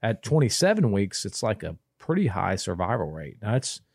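A man, telling a long story in casual podcast chat, rambling and restarting, animated when he quotes people. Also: lowish voice, moderate pace, gravelly, husky, dry recording, clean studio sound. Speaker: podcast co-host.

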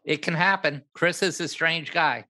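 Older male director, guest storyteller, bright and forceful delivery, acts out the dialogue. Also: fairly high pitch, normal speed. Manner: animated, acts out other people's lines, laughs at his own story. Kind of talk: anecdotal storytelling in an interview.

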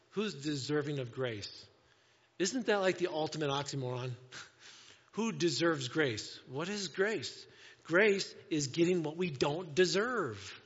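A man preaching a sermon to a congregation, animated, often acting out voices in quotes. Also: fairly high pitch, a little slow, breathy edge. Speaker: pastor. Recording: dull sound with long hall reverb.

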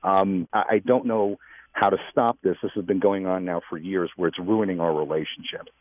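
A man calling in to a radio advice show, speaking hesitantly with many pauses and fillers. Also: low voice, fairly even intonation, dry recording. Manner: hesitant, with many ums and uhs. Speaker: caller. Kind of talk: call-in radio conversation. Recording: tinny phone line.

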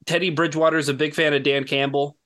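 A man's voice: a little high, flat delivery, fast, a bit bright. A man co-hosting a podcast as an analyst, talking earnestly and thinking aloud with many restarts. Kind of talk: casual podcast chat.

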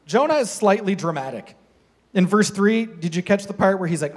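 Male preacher, animated sermon delivery, slightly higher voice, pokes fun at his characters. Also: moderate pace.

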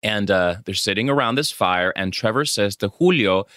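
Lively, swearing man on a podcast. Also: lowish voice, moderate pace, no room sound, clean studio sound. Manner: lively storyteller, swears freely. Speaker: podcast co-host. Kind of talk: casual podcast chat, recapping a film.

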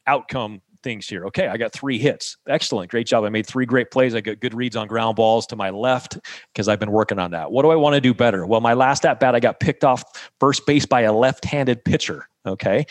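A man's voice: mid-range voice, no echo, studio quality. A man giving a coaching talk to young players, emphatic, repeating key phrases and asking rhetorical questions. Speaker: mental performance coach.

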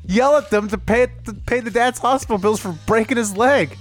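A man's voice: very high voice, moderate pace, soft background music. Blunt, joking male podcast co-host. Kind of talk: casual podcast chat.

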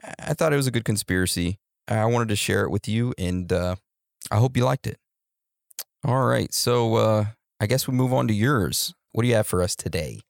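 A man with a low, gravelly voice chats on a podcast, slowly turning ideas over and drawing out his questions. The sound is dry and close. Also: no room sound. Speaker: podcast co-host. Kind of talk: casual podcast chat.

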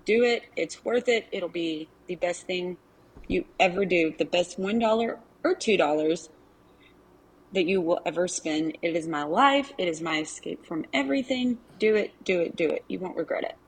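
A woman with a strong Arkansas accent talks in a chatty, folksy way and pokes fun at herself. Her voice is husky and a little breathy. She sounds like a listener sending in a casual recorded message. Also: on the low side, moderate pace, poor audio. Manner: chatty, folksy, self-teasing.

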